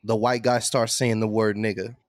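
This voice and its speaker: A man's voice: lowish voice, flat delivery, normal speed, no room sound, studio quality. A man co-hosting a podcast, telling a long story in a loose, casual way with plenty of swearing. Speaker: podcast co-host. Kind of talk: casual chat.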